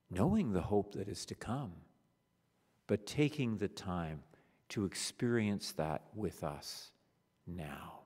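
A pastor preaches a funeral sermon in a church whose long reverb trails every phrase. His delivery is slow and measured, and his pitch rises and falls widely as he moves between emphatic lines and a hushed near-whisper. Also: breathy edge. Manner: expressive preaching, drops to a hushed near-whisper on solemn words. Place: church sanctuary.

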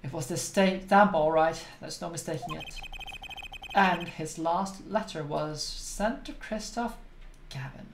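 A woman voicing a weary, earnest male defense attorney in his thirties, thoughtful and low-key. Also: a little slow, creaky, a little hiss or hum. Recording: roomy with game music behind.

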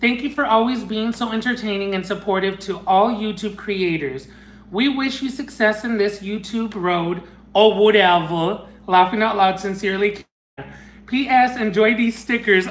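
A man unboxing fan mail in a casual chat, gushing and excitable, bursting into squeals and dropping into Spanish phrases. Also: high-pitched, moderate pace. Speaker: unboxing vlogger. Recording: echoey room.

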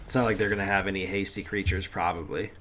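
A man's voice: low voice, steady tone, quick pace, music in the background. A man giving casual commentary while playing a card game, chatty and talking to the game with lots of "dude". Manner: chatty, pleads with the game, says dude a lot. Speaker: gameplay streamer.

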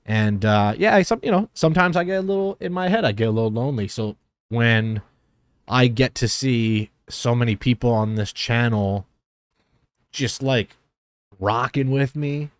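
Speaking at normal speed with a medium-pitched voice and no room sound, a streamer and reaction host from Philadelphia and New Jersey, USA, addresses his viewers. His talk is casual and heartfelt, sincere but rambling, full of fillers and false starts.

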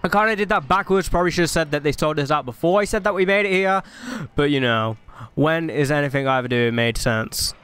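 A man's voice: a little high, fast, hardly any pauses, fairly bright tone, clear, resonant tone. A man giving chatty, self-mocking commentary while playing a video game. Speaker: gaming commentator. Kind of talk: let's play commentary.

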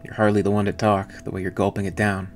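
A man's voice: on the low side, level tone, fast talker, faint music behind, lightly acted. A man reading a blunt ship engineer. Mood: defensive. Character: gruff male ship engineer, blunt and defensive.

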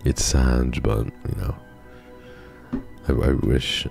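Man, streamer, live game commentary, emotional, cursing, rough fry voice. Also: very deep voice, little pitch movement, measured pace, pauses often, a little mellow, soft background music. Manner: emotional and chatty, swears.

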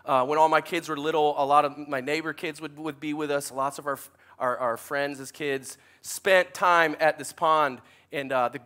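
Pastor, forties; animated storyteller with a lively, forward tone. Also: male voice, fairly high pitch. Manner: chatty, self-deprecating, animated storytelling. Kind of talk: sermon with storytelling.

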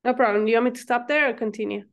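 A woman taking part in a Bible study over a video call, reading scripture aloud in a steady, plain way. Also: on the high side, racing, dull audio.

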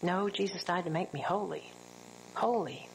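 A middle-aged woman teaching a women's Bible study, lively and full of rhetorical questions, sometimes acting out quotes. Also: fairly low pitch, normal speed, creaky, a little hiss or hum, low-quality recording.

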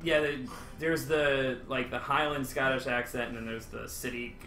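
A man playing a co-op game, giving quick directions and laughing along. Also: medium pitch. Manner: animated, bossy directions, laughing. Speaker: co-op gaming partner. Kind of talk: casual co-op gameplay chat. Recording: echoey room with game music.

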